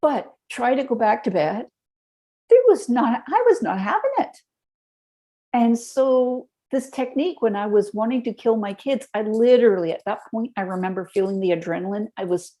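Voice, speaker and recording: A woman as a podcast guest, telling lively stories and explaining health tips step by step in a conversational interview. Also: medium pitch.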